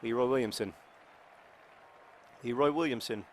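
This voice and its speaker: A man's voice: mid-range voice, moderate pace, long pauses, dry recording. A man casually talking while playing a video game, rambling with many fillers and restarts. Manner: bursts into loud excited yelling at the game. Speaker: author and video game player.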